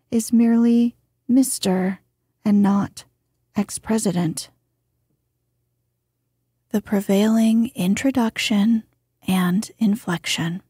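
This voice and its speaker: Slow, breathy woman reading softly. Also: medium pitch, dry recording, studio quality. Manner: soft, hushed, partly whispered delivery. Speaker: sleep-story narrator. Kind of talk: slow soothing bedtime reading.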